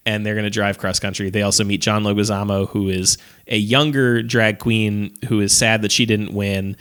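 A man's voice: fairly low pitch, little pitch movement, normal speed, a bit bright, clean tone. A man on a podcast casually recapping a movie plot, rambling with lots of fillers and laughing as he retells scenes. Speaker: podcast co-host.

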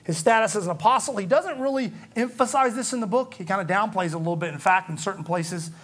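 A man's voice: sits high, fast talker, a bit bright. A man teaching a Bible study in a conversational, explanatory way, often checking in with his listeners. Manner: conversational, explanatory, frequent "okay?" check-ins.

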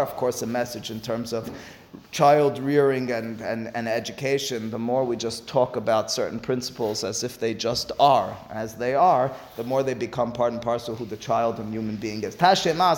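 A man at a middle pitch leads a Talmud study lesson. He reads the Hebrew and Aramaic text aloud and then explains it in English. His delivery is animated, and it climbs to emphatic pleas when he drives home a point. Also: moderate pace, slight background noise. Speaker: Talmud teacher.

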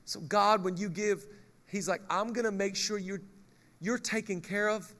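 A male pastor preaching a lively sermon, joking with the congregation and reading scripture aloud. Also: high-pitched, unhurried.

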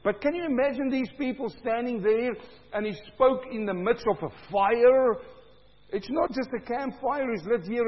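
A high-pitched man preaches a booming sermon, his voice swelling loud as he reads scripture to the congregation. The sound is dull and lo-fi, and a long reverb trails after each phrase. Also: moderate pace. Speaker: pastor.

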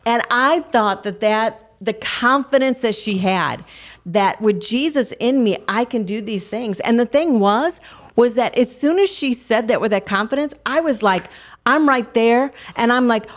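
A woman's voice: fairly high pitch, moderate pace. An older woman co-hosting a faith talk show, earnestly encouraging listeners with family stories. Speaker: co-host of a Christian talk show. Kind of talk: devotional encouragement.

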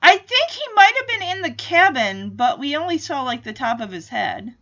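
A woman's voice: high-pitched, very animated, moderate pace, fairly bright tone, muffled recording. Chatty, rambling woman podcast host. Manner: rambling, thinks aloud, many fillers and restarts. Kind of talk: casual recap of a TV episode.

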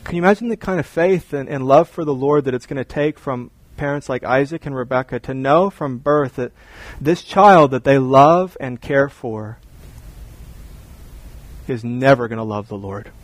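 A man's voice: medium pitch, normal speed, low-quality recording. A man preaching a sermon as a pastor, joking and acting out scenes as he talks. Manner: animated, joking, acts out scenes.

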